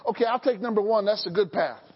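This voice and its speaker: High-voiced preaching man in a reverberant church. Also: fast talker, breathy edge. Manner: animated preaching, acting out Bible scenes in voices. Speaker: pastor. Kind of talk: sermon. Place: church sanctuary. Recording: dull audio with long church reverb.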